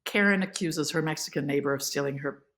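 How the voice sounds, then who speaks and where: An actress as a podcast guest, telling emotional behind-the-scenes stories in a lively, filler-filled way. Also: female voice, deep voice, quick pace. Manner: animated, emotional, many fillers. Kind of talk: casual interview storytelling.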